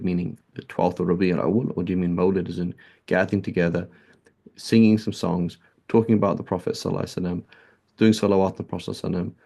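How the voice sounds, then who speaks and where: Speaking in a deep, warm voice with vocal fry, a man teaches Islam in a relaxed, conversational way. He mixes Arabic terms into his English while explaining points, often tossing in a rhetorical "right?".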